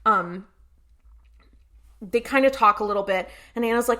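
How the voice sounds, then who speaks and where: A woman's voice: on the high side, normal speed, pushed and bright. A woman co-hosting a podcast, casually retelling TV episodes and acting out the characters' lines. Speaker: podcast co-host. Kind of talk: casual rewatch podcast recap.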